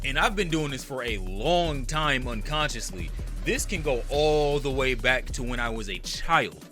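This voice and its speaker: A man's voice: mid-range voice, expressive, a little slow, bright, forceful tone, faint music behind. A young man from the United States speaking candidly in a personal vlog rant. He swears freely and breaks into emphatic outbursts. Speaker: content creator.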